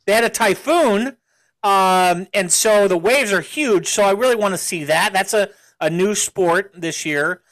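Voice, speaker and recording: A man hosting a casual chat, enthusiastic and halting, with many fillers and restarts. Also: high-pitched, a bit bright, rough recording. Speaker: show host.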